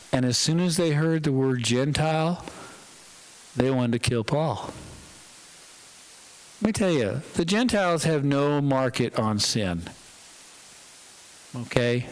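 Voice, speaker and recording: Lively guy preaching a sermon in church, chatty, dramatic pauses, pitch jumps all over. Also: low-quality recording. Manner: animated, conversational, dramatic pauses. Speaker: pastor.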